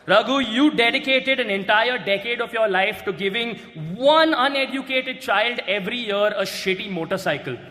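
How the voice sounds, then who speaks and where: A man doing a stand-up roast set, brash and often shouting his punchlines on a stage mic. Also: sits high, normal speed, few pauses. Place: large hall with a live audience. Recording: echoey hall, loud crowd and noise.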